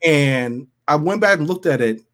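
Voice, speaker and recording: Animated higher-voiced man joking around. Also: moderate pace. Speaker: podcast co-host. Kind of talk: casual chat.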